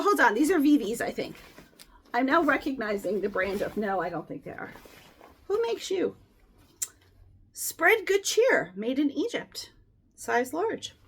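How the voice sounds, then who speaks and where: A woman's voice: high voice, bright, forceful tone, a little hiss or hum. A woman chatting casually and rambling as she sorts and resells clothing, sometimes dropping to whispered asides. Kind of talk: casual chat while sorting clothes.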